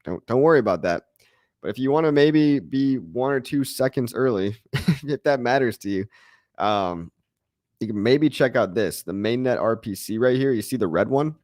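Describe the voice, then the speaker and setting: A man's voice: mid-range voice, expressive, moderate pace, a little mellow, dry recording, studio quality. A man hosting a casual livestream, reading viewer chat in a loose, chatty way, often saying "guys" and chuckling.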